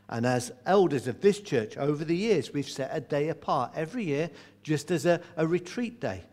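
A man's voice: fairly high pitch, darkish tone. A man, a church elder, preaching a sermon in a chatty storytelling way, asking his listeners questions.

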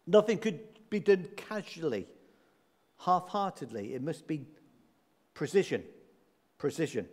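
A man's voice: on the high side, big pitch swings, unhurried, long pauses, darkish tone. A man preaching a sermon in a church, emphatic, repeating key words and asking rhetorical questions. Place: church hall. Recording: long church reverb.

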